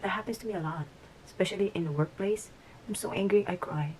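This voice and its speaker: A woman's voice: medium pitch, quick pace, darkish tone, a little hiss or hum, rough recording. A woman vlogger talking casually to camera about her life, reflective and rambling, sometimes dropping to a whisper. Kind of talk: casual vlog talk to camera.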